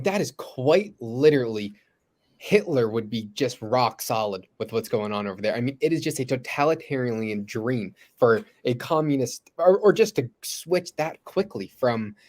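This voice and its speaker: A man's voice: medium pitch, expressive, normal speed, darkish tone. A young adult man co-hosting a podcast, speaking earnestly in casual talk with frequent restarts. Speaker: podcast co-host. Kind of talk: casual discussion.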